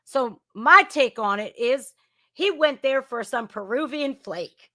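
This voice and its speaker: A woman hosting a casual news commentary podcast, blunt, crude and sarcastic, swinging between loud outbursts and muttering. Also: high-pitched, lively intonation, slow. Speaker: podcast host.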